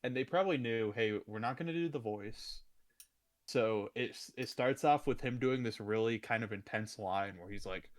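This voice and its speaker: A man's voice: medium pitch, moderate pace. A young man in his twenties co-hosting a podcast, retelling movie scenes in an easygoing way. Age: 20s. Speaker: podcast co-host. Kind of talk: casual film review chat.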